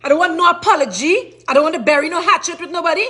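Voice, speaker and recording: High, furious Trinidadian woman ranting. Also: racing, pushed and bright. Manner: furious, cursing, repetitive questioning. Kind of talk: angry rant to camera.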